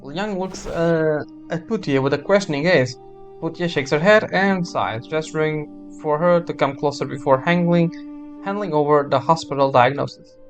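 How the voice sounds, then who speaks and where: Streamer: a man reading game text, chatty, slightly higher voice. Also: normal speed, dull audio, soft background music. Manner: chatty, wry commentary.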